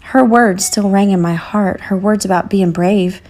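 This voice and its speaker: A woman narrates a storybook in an earnest, measured voice. Her pitch sits in the middle of the range. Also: darkish tone. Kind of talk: storybook reading.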